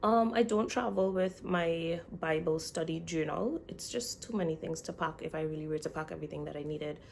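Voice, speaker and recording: A woman's voice: deep voice, a little fast, gravelly, darkish tone, a little hiss or hum. A young woman vlogging in a casual, chatty way, speaking straight to her viewers. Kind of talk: casual chat.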